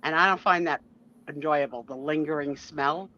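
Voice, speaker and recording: A woman's voice: low-pitched, normal speed. A woman chatting casually on a live stream, telling stories with firm opinions. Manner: animated storyteller, opinionated. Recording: dull lo-fi audio.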